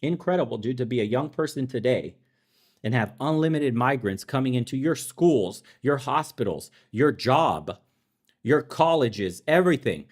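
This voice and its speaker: A young adult man delivering a fiery commentary rant, sarcastic and profane. His voice swings up and down as he mocks and jeers, now loud, now low. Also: lively intonation, normal speed. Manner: sarcastic, profane, heated and mocking. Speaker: podcast host. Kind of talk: ranting political commentary.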